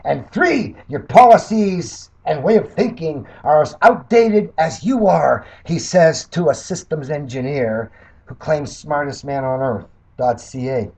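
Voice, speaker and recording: Older male candidate, high husky voice, mocking and combative rebuttal monologue. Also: expressive, a little slow. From Canada. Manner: combative, mocking, swinging between loud jabs and low mutters. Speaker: political candidate and commentator. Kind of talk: sarcastic monologue reading and rebutting criticism.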